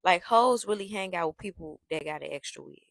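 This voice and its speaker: A woman tells a storytime in a brash, profane, animated way. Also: fairly low pitch, brisk, creaky, dry recording. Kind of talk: casual storytime.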